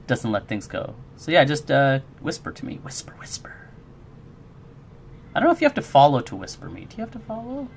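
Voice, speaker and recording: A man talking to his stream viewers in a loose, rambling way, with a gravelly rasp and a pitch that swings up and down a lot. He sounds friendly and encouraging while he reads chat and answers questions. A faint hiss sits under his voice. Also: huge pitch swings, fairly quick. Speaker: game developer streaming his work.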